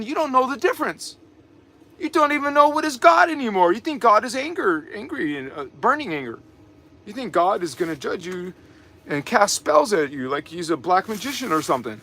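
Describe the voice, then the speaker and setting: High, bright-voiced man preaching. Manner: emphatic, preachy, with mocking asides and repetitions. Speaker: spiritual teacher and channel host. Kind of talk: live spiritual teaching talk.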